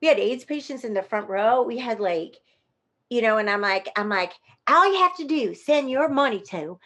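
A woman telling a story in casual conversation, animated and acting out the voices of the people she quotes. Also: mid-range voice, brisk. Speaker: guest performer.

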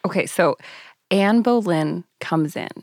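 Woman co-host, blunt and profane, lowish gravelly voice. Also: takes it slowly, dry recording, clean studio sound. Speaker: podcast co-host. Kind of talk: casual chat.

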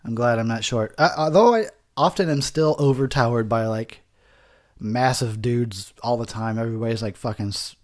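A man's voice: medium pitch, normal speed. A man giving a rambling, profane, tipsy commentary over a movie, laughing often.

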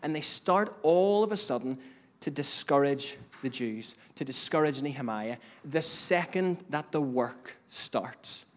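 A man's voice: a little high, expressive, measured pace. A man preaching a sermon as pastor, speaking emphatically with repeated phrases and direct address to the congregation. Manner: emphatic preaching with rising bursts and repetition.

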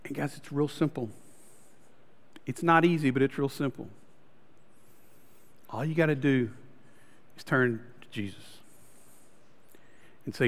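A male pastor preaching a story-driven sermon, calling the congregation "guys" and dropping to soft, intimate tones. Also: mid-range voice, unhurried, pauses often, long reverb tail.

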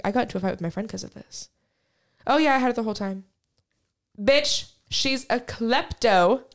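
A woman in her twenties, a podcast co-host telling stories in a rambling, casual way, full of "like" and swearing. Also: a little high. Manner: rambling, heavy use of "like", frequent swearing. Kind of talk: casual chat, storytelling.

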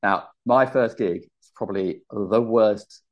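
A man in his thirties, a stand-up comedian guest with a London accent, telling animated, self-deprecating stories in casual chat. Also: lowish voice, measured pace, dull audio. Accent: London English.

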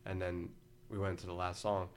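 A man's voice: deep voice, level tone, normal speed. A man in his forties, a guest on a podcast, telling long casual stories in a laid-back, rambling way. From Philadelphia area, United States. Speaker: podcast guest, former band vocalist. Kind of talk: casual storytelling chat.

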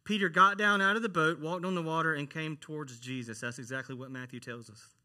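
Man, church worship minister, conversational sermon, asks the congregation questions, very bright tone. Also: on the high side, steady tone, a little fast.

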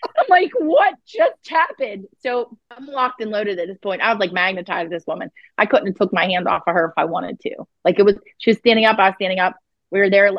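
This fast-talking woman has a mid-range voice, recorded muffled but without echo. She's a psychic guest on an interview podcast, telling a story bluntly and profanely while acting out what people said.

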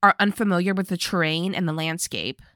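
Animated woman recapping a story. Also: on the low side, no echo, clean studio sound. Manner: animated, acts out characters in quick bits. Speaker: recapping host. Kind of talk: casual comedic recap chat.

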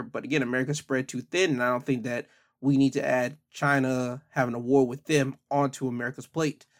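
A man giving casual commentary on the news, talking conversationally with frequent fillers. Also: mid-range voice.

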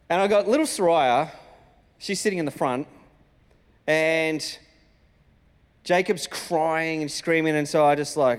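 A man, a senior pastor telling a personal story in a sermon with lively, animated delivery. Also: on the high side, brisk. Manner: animated storytelling, acting out his own lines. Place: church auditorium. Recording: reverberant church hall.

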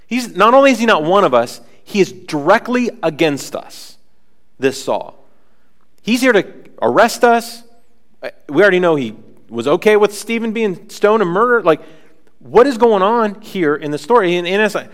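A man preaching a sermon, animated, acting out the people in the scripture with frequent asides. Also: high-pitched, normal speed. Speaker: pastor.

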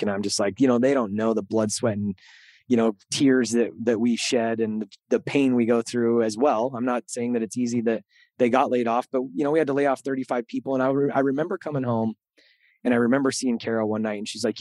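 A middle-aged man, a podcast host, telling a candid story in an interview, animated and earnest and often repeating words as he goes. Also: mid-range voice, quick pace, dry recording.

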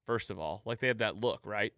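A man's voice: on the low side, fairly quick, pushed and bright, no room sound, clean studio sound. A man hosting a podcast, animatedly retelling a TV episode in casual chat and laughing at the jokes. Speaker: podcast host.

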